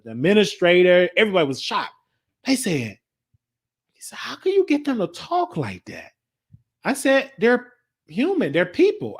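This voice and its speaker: Animated storytelling man, high voice. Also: no echo, clean studio sound. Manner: animated, acts out quoted voices. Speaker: show host.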